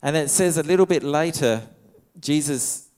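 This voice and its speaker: A man's voice: a little high, moderate pace, darkish tone, clear, resonant tone. A man preaching a conversational sermon, reading scripture aloud and retelling it in his own words. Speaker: pastor.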